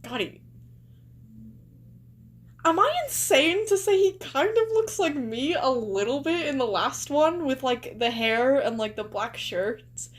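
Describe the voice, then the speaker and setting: Slow-talking high-voiced young woman streamer. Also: animated. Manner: chatty, exclaims and gushes, many likes and rhetorical questions. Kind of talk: casual reaction commentary.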